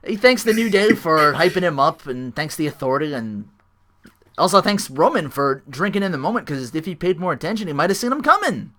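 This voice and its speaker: A man's voice: a little high, expressive, brisk, a bit bright. A man co-hosting a casual podcast, recapping a wrestling show and laughing often. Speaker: podcast co-host.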